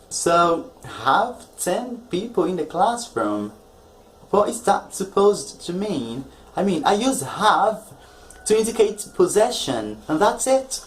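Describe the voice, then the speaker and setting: A man's voice: sits high, animated, slow, poor audio. Male online English tutor; patient, explanatory, checks in with viewers constantly. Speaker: English teacher.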